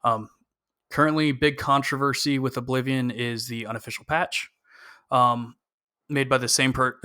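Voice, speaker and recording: Bright, clear-voiced man on a podcast. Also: medium pitch, no room sound, clean studio sound. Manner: frequent "um" fillers, cautious and opinionated. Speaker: podcast co-host. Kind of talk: casual podcast discussion.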